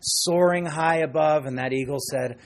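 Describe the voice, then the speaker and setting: A middle-aged male pastor preaching a sermon in an animated way, dropping into quiet asides and acting out quoted voices. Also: a little high, moderate pace.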